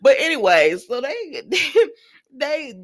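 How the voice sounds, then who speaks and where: A woman giving a casual, animated recap of a soap opera, speaking straight to her viewers with slangy asides. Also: high voice, slow pace.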